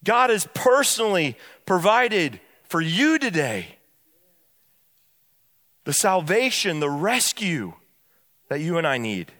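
Pastor, male, high voice, emphatic sermon delivery with hushed drops and quick storytelling runs. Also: big pitch swings, long reverb tail. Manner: emphatic preaching, dropping soft and low on key phrases; bursts of quick storytelling between slow, stressed lines. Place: church.

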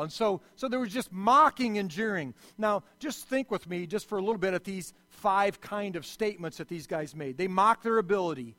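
A man delivers a sermon in a high, light voice, rising to loud emphasis and sinking to quiet asides. His voice is clean up close, yet the hall around him rings with a long reverb. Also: animated, fairly quick, hardly any pauses. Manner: preaching with sudden swells and drops in loudness. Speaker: pastor.

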